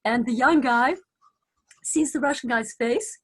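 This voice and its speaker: A woman tells a story in a relaxed, animated way, often restarting her sentences. Her voice is husky and breathy, set a little high. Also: measured pace. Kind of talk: casual spoken storytelling.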